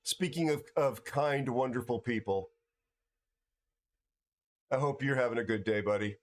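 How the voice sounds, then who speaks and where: A tired older American man hosting a casual livestream chat, rambling and halting with many restarts and fillers. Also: mid-range voice. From United States. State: tired from no sleep. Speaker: livestream host.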